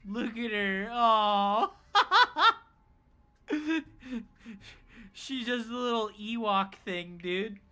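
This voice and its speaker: A woman streaming a game, chatting casually with viewers in an excitable, profane, joking manner. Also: mid-range voice, drawn-out words, pauses often. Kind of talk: casual live-stream chat.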